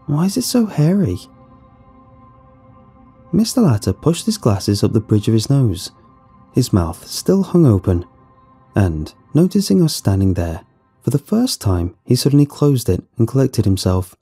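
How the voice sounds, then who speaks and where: Husky low-voiced male horror narrator. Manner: lively, expressive storytelling. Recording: soft music behind the voice.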